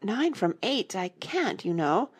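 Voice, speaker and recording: A woman's voice: mid-range voice, very animated, measured pace, breathy edge, pitched above the performer's own voice, full character voice. A woman voicing a polite but argumentative young girl in a storybook reading, talking eagerly. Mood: earnest.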